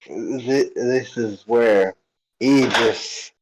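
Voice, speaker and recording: Brief: casual man at the gaming table, unhurried. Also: medium pitch, rough recording. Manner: laughing, swearing, restarts. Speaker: player.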